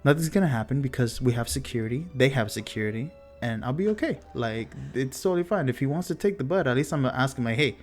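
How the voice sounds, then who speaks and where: A young man from Texas tells a story in a loose, rambling way, swearing often and poking fun at himself. His voice sits at an ordinary middle pitch. Faint music plays underneath. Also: lively intonation, fast talker, hardly any pauses. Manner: rambling, profane, self-mocking. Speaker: vlogger. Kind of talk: casual storytime.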